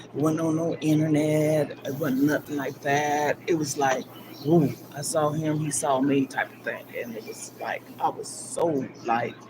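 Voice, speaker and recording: A woman's voice: deep voice, fairly even intonation, measured pace. Older woman rambling emotionally on a live stream. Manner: rambling and emphatic, swinging from loud bursts down to near-whispers. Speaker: livestream host. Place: gym. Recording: livestream with clear background noise.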